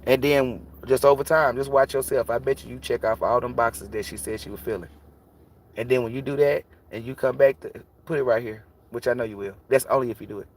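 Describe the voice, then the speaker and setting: A man's voice: mid-range voice, fairly even intonation, brisk. A man who reads tarot, talking bluntly and casually on a livestream and preaching about energy with plenty of swearing. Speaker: tarot reader.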